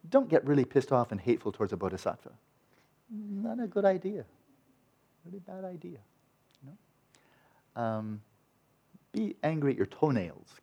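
A man with a warm, lowish voice teaches meditation through a conversational dharma talk. He acts out quoted voices and frequently restarts his sentences.

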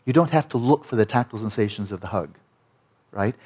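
A man teaching breath meditation to a group in a gentle, conversational way, often repeating words softly. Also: on the low side, brisk, husky. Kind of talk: guided meditation instruction.

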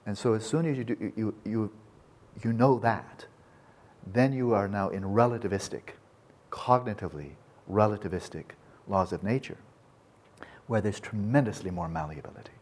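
A man's voice: fairly low pitch, normal speed, darkish tone, breathy edge. A man giving an informal, digressive lecture, often restarting his sentences and talking with enthusiasm. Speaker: speaker on Buddhism and science.

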